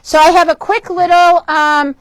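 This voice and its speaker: A woman with a high, bright-pitched voice hosts a casual shop demo, chatty and upbeat, stumbling over words now and then. The sound is dry and close, with no room echo. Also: level tone, normal speed. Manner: chatty, upbeat, frequent ums and self-corrections. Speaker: shop host presenting fabrics and books. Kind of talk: casual product demo for a live stream. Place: indoors in a fabric shop.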